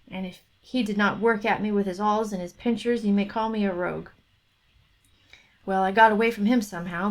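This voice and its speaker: A woman's voice: mid-range voice, natural voice, poor audio. A woman reading aloud as a battered male robber captain who complains at length about his injuries. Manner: complaining, exaggerated storytelling.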